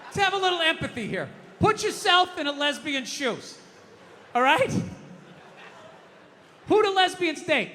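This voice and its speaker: A male stand-up comedian ranting and swearing, swinging from low muttering to shouting. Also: sing-song, unhurried, long pauses. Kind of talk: stand-up routine. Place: comedy club stage. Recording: noisy stage recording with long reverb.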